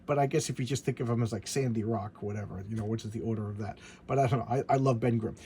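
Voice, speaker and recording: A man's voice: medium pitch, steady tone, quick pace, dark tone, slight background noise. A middle-aged man chatting casually as a comic collector, rambling and often stammering and repeating words. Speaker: comic book collector vlogger. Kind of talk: casual chat.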